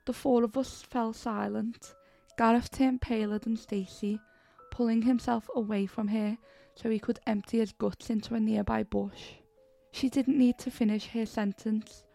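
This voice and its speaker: A woman hosting a podcast, narrating a horror story in a steady, measured way. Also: fairly high pitch, creaky. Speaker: podcast host and story reader.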